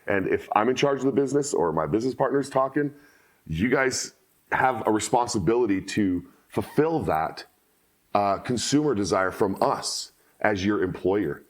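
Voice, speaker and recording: A man hosting a podcast, talking bluntly and telling animated stories in casual conversation. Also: lowish voice, normal speed. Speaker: podcast host.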